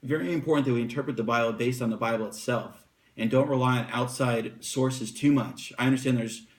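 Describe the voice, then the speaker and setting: Relaxed man explaining scripture casually. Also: mid-range voice. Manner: relaxed, unscripted explaining with fillers, slows down to read verses aloud. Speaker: Bible translator and teacher. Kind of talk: casual Bible teaching.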